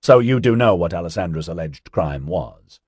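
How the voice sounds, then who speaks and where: A man's voice: deep voice, expressive, normal speed, darkish tone, slightly rough, dry recording, studio quality. A man reading a pushy, mocking male news interviewer in an audiobook, firing probing questions. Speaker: journalist.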